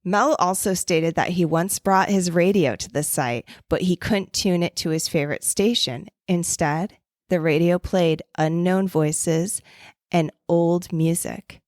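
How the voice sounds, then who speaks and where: A woman's voice: lowish voice, unhurried, darkish tone, dry recording, studio quality. A woman co-hosting a casual storytelling podcast, reading her notes aloud and breaking off into offhand, swearing asides. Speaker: podcast co-host.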